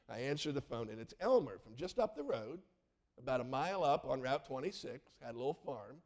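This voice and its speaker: A middle-aged male pastor telling stories in a sermon, lively and acting out the people in them. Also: medium pitch, fairly quick. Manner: animated, acts out voices in his stories. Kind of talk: storytelling sermon.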